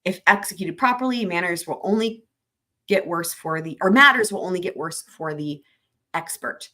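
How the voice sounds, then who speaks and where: A woman's voice: on the low side, lively intonation, normal speed, bright, forceful tone. Chatty woman reading legal notes aloud. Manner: reads legal text aloud, then breaks off to chat and answer viewer comments. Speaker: livestream host reading trial commentary. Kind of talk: casual explanatory livestream.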